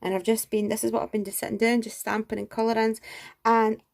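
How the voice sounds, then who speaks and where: Gushing woman with a gravelly edge. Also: a little high, little pitch movement, quick pace, a little mellow. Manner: gushing and enthusiastic, frequent exclamations. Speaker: craft vlogger. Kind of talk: casual show-and-tell review.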